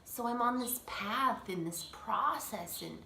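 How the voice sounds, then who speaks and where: An American woman with a slightly high voice talks to the camera as a language coach. She is earnest and reflective and poses one rhetorical question after another. The room is echoey, with a faint hum of background noise. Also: a little slow, sharp tone. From United States. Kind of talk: personal address to camera.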